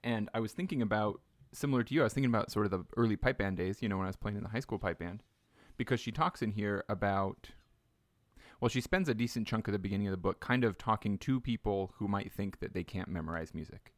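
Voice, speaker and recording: A man's voice: on the low side, fast talker, dry recording. A man hosting a podcast in casual chat, thinking aloud and often restarting his sentences. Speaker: podcast host.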